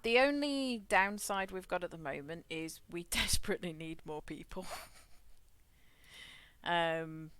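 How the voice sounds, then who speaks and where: A woman's voice: fairly low pitch, unhurried, fairly bright tone, clear, resonant tone. A woman streamer chatting casually and rambling as she plays a game, often laughing. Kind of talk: casual chat while gaming.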